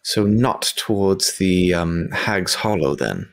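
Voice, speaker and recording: A man's voice: sits low, expressive, slow pace, creaky. A man playing a tabletop game over a video call, hesitant and thinking aloud. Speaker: player.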